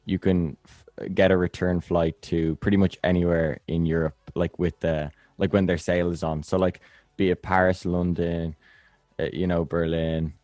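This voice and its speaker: Host: young Irishman, deep voice, relaxed and halting, dry close sound. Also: no echo. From Ireland. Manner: easygoing, hesitant restarts. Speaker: podcast host. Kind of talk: casual chat.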